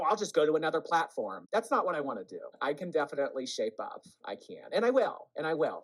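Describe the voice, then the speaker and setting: A man hosting a casual livestream commentary, talking straight to his chat and swinging between loud bursts and quiet asides. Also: medium pitch, poor audio.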